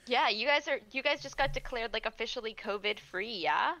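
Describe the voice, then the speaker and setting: A woman's voice: on the high side, brisk, sharp tone. A woman co-streaming a game in casual chat, saying "like" a lot. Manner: chatty, says "like" a lot.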